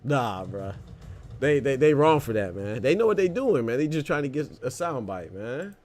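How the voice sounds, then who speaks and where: Man, podcast host, casual stream chat, lively swooping pitch, laughs a lot, says "bro" constantly. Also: normal speed, faint music behind. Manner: animated, laughs often, repeats "bro". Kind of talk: casual live-stream commentary.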